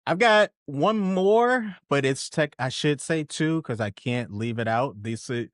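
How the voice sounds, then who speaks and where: A man hosting a podcast in casual chat, animated and swearing for emphasis, with his voice jumping up when he gets excited. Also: fairly high pitch, a little slow, dry recording, studio quality. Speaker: podcast host.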